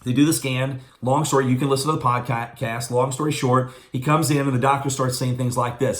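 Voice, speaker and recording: A man giving a motivational business training, telling stories fast and with energy. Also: mid-range voice. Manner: fast, animated storytelling. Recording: echoey room.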